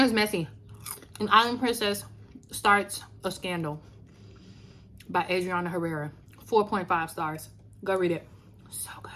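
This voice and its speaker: Chatty woman book vlogger from Louisiana. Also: medium pitch. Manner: chatty and animated, addresses viewers as y'all. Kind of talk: casual book review chat.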